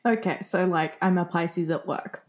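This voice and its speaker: A woman's voice: lowish voice, moderate pace. Chatty woman laughing through remarks. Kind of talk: casual chat.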